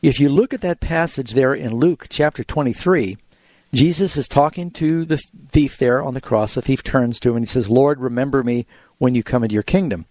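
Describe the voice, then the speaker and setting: A man's voice: medium pitch, a little fast, a little mellow, dry recording. Teacherly male radio pastor. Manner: explanatory, teacherly, tells illustrative stories. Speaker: radio call-in show host and pastor. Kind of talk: radio call-in Bible answers. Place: radio studio.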